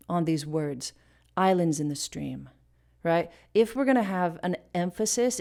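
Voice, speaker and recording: A woman's voice: lowish voice, darkish tone. Woman host explaining music casually. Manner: explains with sung and beatboxed examples. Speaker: music teacher and channel host.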